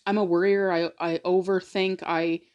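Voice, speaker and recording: Woman vlogger, low-ish voice, chatty and rambling, says like a lot, confiding and emotional. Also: little pitch movement, normal speed, darkish tone, clear, resonant tone, lo-fi sound. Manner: rambling, fills talk with "like". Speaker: mukbang vlogger. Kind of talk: casual chatty storytelling.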